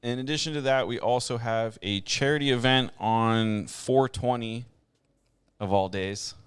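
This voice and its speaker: A man hosting a podcast in casual chat, relaxed and rambling, with lots of fillers and frequent laughs. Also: mid-range voice, a little slow, clean tone, dry recording, studio quality. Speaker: podcast host.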